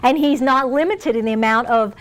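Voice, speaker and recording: A woman's voice: fairly high pitch, brisk. A woman preaching a sermon in a conversational way, laughing often and acting out quoted lines.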